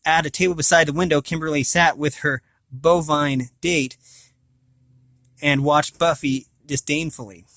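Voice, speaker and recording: A man's voice: fairly high pitch, steady tone, measured pace, fairly bright tone, no room sound. A man reading a novel aloud, often stumbling, restarting and correcting himself. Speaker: reader of a novel. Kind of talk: amateur audiobook reading.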